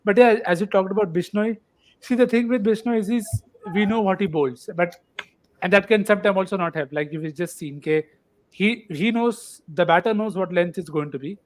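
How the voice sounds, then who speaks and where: A man's voice: high voice, normal speed. A man with an Indian accent chatting casually about cricket, mixing Hindi and English. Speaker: cricket panelist.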